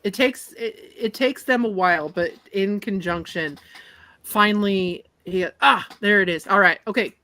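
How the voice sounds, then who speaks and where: A woman's voice: mid-range voice, unhurried, pushed and bright, dry recording. A woman running a tabletop game as game master, narrating scenes vividly and laughing with her players over a call. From Ireland.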